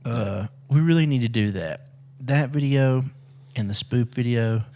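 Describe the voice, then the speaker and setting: A man's voice: mid-range voice, unhurried, warm tone. A man co-hosting a podcast in casual, laid-back chat, swearing freely. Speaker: podcast co-host.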